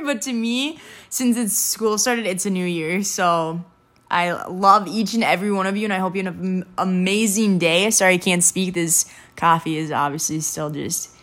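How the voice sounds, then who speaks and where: Bubbly chatty young woman vlogger. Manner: bubbly, chatty, heavy use of "like" and "literally"; animated, jumps high when quoting people. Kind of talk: casual vlog chat.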